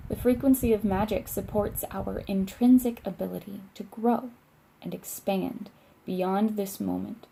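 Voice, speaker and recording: Woman tarot reader, casual vlog, mellow voice, earnest and encouraging, chatty. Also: medium pitch, creaky, slight background noise.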